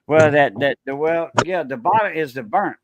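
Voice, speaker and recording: A man's voice: on the high side, lively intonation, muffled recording, background noise. A man with a Cajun accent, hosting a casual chat and telling long stories with many fillers and restarts. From South Louisiana. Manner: rambling storyteller, halting with many fillers and restarts. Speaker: host.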